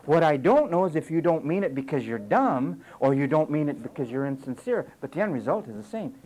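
Brisk and a little high-pitched, a man preaches emphatically on a rough recording. His delivery has lively ups and downs, and he regularly quotes what listeners say in mocking impressions.

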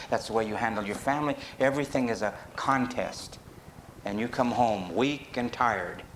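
A man preaching a sermon, rising to emphatic peaks and dropping low, with sudden shifts in pace. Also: slight background noise. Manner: animated, rises to emphatic peaks and drops low.

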